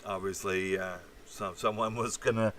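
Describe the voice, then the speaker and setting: Host, male, low voice, meandering livestream commentary with sardonic asides, faint hum behind. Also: steady tone, moderate pace, a bit bright. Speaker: channel host. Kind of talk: rambling political commentary livestream.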